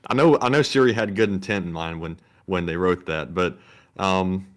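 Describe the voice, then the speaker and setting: Relaxed male co-host. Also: low voice, normal speed. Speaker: co-host reading super chats. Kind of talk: casual live-stream chat.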